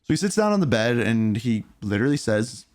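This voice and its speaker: Animated man telling a storytime vlog. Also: medium pitch, a little fast. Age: 30s. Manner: candid, animated storytelling with profanity. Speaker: YouTuber.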